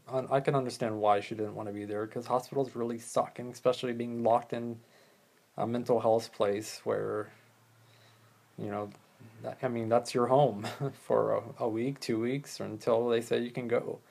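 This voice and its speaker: A man's voice: medium pitch, level tone, moderate pace, vocal fry, a little mellow. A man hosting his own talk show alone, speaking in a loose, rambling way with plenty of swearing and jokes at his own expense. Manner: rambling, profane, joking at himself. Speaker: podcast host. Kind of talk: casual solo talk on listening skills.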